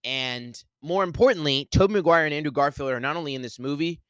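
A man hosting a podcast solo, talking excitedly and rambling, with lots of "like". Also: fairly high pitch, fast talker, clean tone, no room sound. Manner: excited, rambling, heavy use of "like". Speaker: podcast host. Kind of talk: solo movie spoiler talk.

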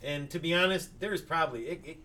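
A man's voice: a little high, fast talker, sharp tone. A man guesting on a podcast, telling stories casually, swearing freely and laughing through them. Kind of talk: casual storytelling. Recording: off-mic with faint background noise.

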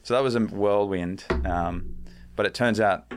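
A man's voice: fairly low pitch, a little slow, background noise. A young man, telling a story as a podcast guest in a rambling, laid-back way, with lots of fillers and casual swearing.

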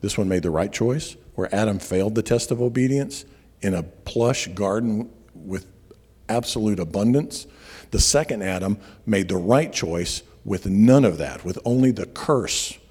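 A man preaching a sermon, telling stories and slowing down on key words for emphasis. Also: fairly low pitch, a little mellow, husky. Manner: storytelling preacher, slows for emphasis. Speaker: pastor. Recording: long reverb of a large hall.

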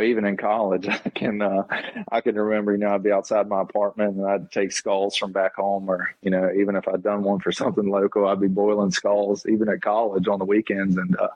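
A man's voice: sits low, no room sound. A man in his thirties, a taxidermist guest, telling stories in a loose rambling way, saying "man" and "you know" a lot. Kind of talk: casual interview storytelling. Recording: dull lo-fi podcast audio.

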